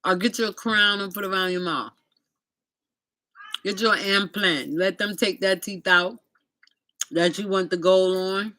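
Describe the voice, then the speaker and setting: A woman's voice: medium pitch, measured pace, long pauses, pushed and bright, no room sound, pitched above the performer's own voice. Woman putting on a bossy Jamaican man. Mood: insistent. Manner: insistent, bossy advice. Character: blunt Jamaican man giving advice.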